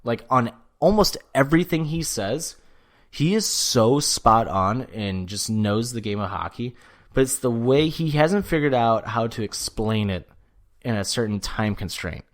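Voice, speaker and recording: A man's voice: medium pitch, animated, measured pace. A man co-hosting a podcast, telling a story in casual chat with a loose, swearing manner. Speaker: podcast co-host.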